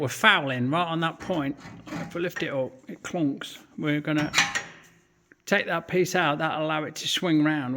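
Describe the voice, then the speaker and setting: A man with a slightly hoarse voice gives chatty, sweary commentary while working at a lathe in his workshop, full of self-mocking asides. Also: a little high, background noise. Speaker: workshop fabricator.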